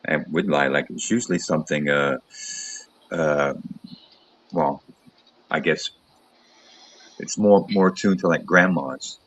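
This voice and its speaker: Very low-voiced man musing hesitantly. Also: a little slow, long pauses, fairly bright tone. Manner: rambling, hesitant, many fillers and restarts while musing. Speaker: radio show co-host. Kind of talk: casual chat.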